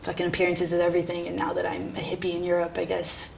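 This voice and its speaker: A woman's voice: lowish voice, completely flat delivery, fast talker, gravelly, slight background noise. Young irreverent New woman. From New York. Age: young adult. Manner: irreverent, self-mocking, laughs often, swears casually. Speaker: art student. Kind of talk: candid documentary interview.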